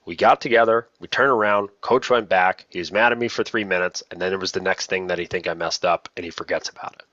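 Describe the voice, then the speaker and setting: A man's voice: sits low, steady tone, fast, pushed and bright, no echo, dull audio. A man training new lacrosse officials in a casual, self-deprecating way, often repeating key points. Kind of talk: casual online training talk.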